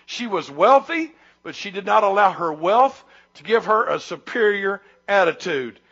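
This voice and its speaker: A middle-aged pastor with a high, ringing voice preaches to his congregation, jumping into loud emphatic bursts and then stretching words out slow. The recording sounds dull and lo-fi, as if captured in a church. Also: lively intonation. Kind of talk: sermon.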